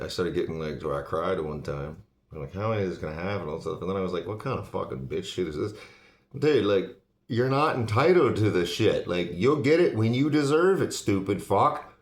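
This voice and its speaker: A man talking bluntly in a casual monologue, swearing constantly as he rants. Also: fairly low pitch. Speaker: host. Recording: echoey room.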